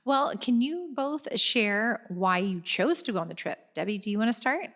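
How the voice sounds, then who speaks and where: A woman's voice: fairly high pitch, lively intonation, moderate pace, a bit bright. A woman co-hosting a church podcast, encouraging guests with questions and frequent affirmations. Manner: encouraging interviewer with frequent backchannels. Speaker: podcast cohost. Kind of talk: casual podcast chat.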